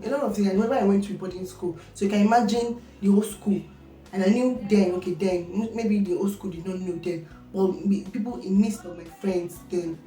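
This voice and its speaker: A woman's voice: lowish voice, mellow. A young Nigerian woman vlogging her personal story, earnest, checking with viewers that they understand. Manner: earnest, keeps asking "you understand?". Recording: echoey room.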